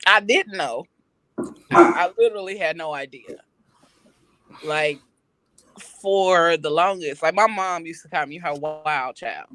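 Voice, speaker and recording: A woman guest in casual chat, telling stories in a lively, joking way. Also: on the low side, slow pace, pauses often, dry recording. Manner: lively, joking, animated storyteller. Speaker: podcast guest.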